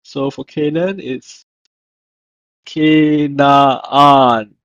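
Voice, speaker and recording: Man teaching a language lesson, super slow, repeats each word, dull lo-fi dry sound. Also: medium pitch, dark tone, dry recording. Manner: repeats each word twice, stressing the second. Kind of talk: slow scripted lesson narration. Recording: dull lo-fi voice-over.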